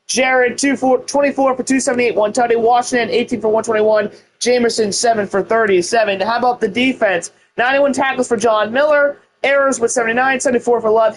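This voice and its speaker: A man commentating his own college football video game run in a relaxed, casual way. He rattles off long lists of player stats and breaks into hyped, mock-announcer phrases, with the odd swear word. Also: very high voice. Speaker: gaming YouTuber.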